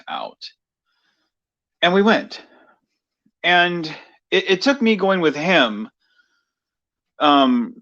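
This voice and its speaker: A man's voice: a little high, fairly bright tone, dull audio. A man rambling through a casual personal monologue for his video, full of fillers and restarts. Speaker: vlogger.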